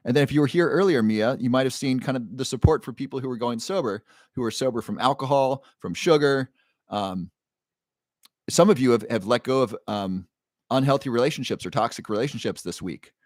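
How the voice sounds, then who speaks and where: A man hosting a casual livestream, greeting viewers from the chat by name and pitching a supplement with upbeat energy. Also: darkish tone, dry recording, studio quality. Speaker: livestream host.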